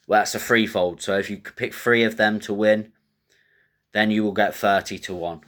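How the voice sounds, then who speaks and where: A man with a fairly low voice talks through fight predictions and odds. He is blunt and coarse, and he rambles in a loose, casual flow. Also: fairly even intonation, normal speed, fairly bright tone. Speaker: MMA betting tipster host.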